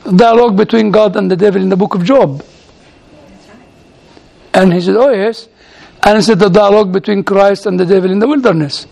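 Man, high-pitched, gravelly edge, humorous storytelling talk, acts out quoted dialogue. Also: fairly even intonation, fairly quick, long pauses, a little mellow. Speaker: theology lecturer and chaplain.

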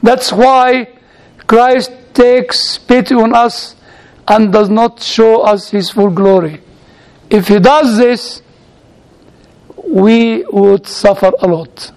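A man, a priest, gives a storytelling sermon in a halting way, with frequent restarts and playful asides. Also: sits high, darkish tone.

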